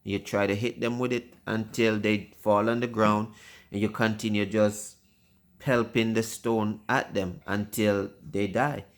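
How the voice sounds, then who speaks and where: A man's voice: lowish voice, flat delivery, measured pace. A father hosting a casual family video, rambling and often stumbling over his words.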